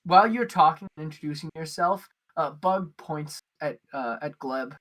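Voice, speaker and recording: A woman narrating a tabletop game as game master, halting with many fillers. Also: sits low.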